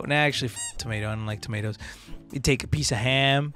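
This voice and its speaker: A man's voice: mid-range voice, fast, fairly bright tone, soft background music. A young man, joking and swearing through casual let's-play commentary and mixing in slang. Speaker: gaming streamer.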